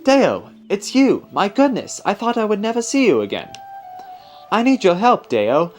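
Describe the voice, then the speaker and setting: A man doing a high, worried spirit voice. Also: big pitch swings, normal speed, soft background music. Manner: worried, pleading. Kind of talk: reading game dialogue aloud.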